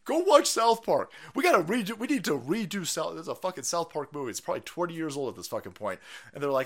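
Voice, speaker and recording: Man, streamer host, profane rant, mocking, somewhat high pitch, swings into shouting. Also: sing-song, fast talker. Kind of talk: ranting political stream commentary.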